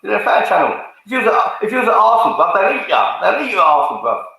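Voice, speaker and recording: A man with a high, sing-song, sharp voice and vocal fry races through an angry rant to camera for his fan channel. He's confrontational and repetitive, swearing and calling people out, and the room is very echoey.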